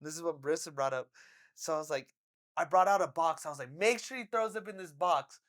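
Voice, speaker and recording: Young podcast co-host, casual storytelling, lots of swearing, loud acted-out quotes. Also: medium pitch, a little fast. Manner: animated, swears a lot, acts out quotes loudly.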